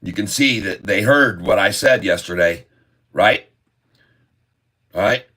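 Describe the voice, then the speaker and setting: A man's voice: fairly low pitch, unhurried, bright, forceful tone. A middle-aged man streaming live stock commentary, folksy and talking straight to his viewers as folks.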